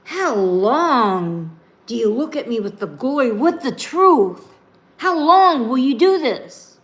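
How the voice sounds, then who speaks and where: A woman's voice: high voice, big pitch swings, slow pace, roomy sound, pitched above the performer's own voice, exaggerated voice. A woman voicing Jesus as an exasperated grown man, speaking in a raised, emphatic, pleading way during a sermon. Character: exasperated adult man, Jesus, carrying divine glory.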